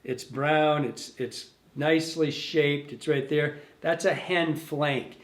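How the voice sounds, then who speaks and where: A man's voice: fairly high pitch, fairly even intonation, takes it slowly. A man demonstrating fly tying step by step in a loose, casual way, thinking aloud and correcting himself as he goes. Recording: echoey room.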